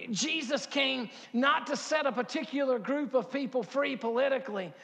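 Fifties male pastor, high-pitched and fervent, sanctuary with long reverb. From Harkers Island, North Carolina. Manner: builds to loud impassioned preaching, repeats words, asks the crowd questions. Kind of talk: sermon. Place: church sanctuary.

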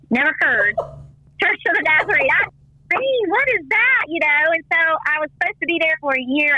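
A woman's voice: dry recording, muffled recording. A middle-aged woman, a former missionary and teacher, telling her faith story in an interview and acting out the voices she quotes. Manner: lively storyteller, acts out quoted voices with big pitch jumps. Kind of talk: personal faith story told in conversation.

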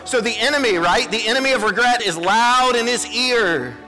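A man pastor preaching a sermon from a church stage, earnest and repetitive, dropping to a soft hush for quoted words. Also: extremely high pitch, expressive, moderate pace, long reverb tail, faint music behind. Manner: earnest, repeats words, drops to a soft hush when voicing Jesus.

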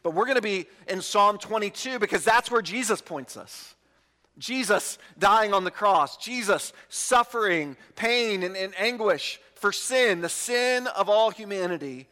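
A man preaching a sermon as pastor, earnest, slowing down to stress key words. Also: high-pitched, animated, pushed and bright, in a large hall. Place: church sanctuary.

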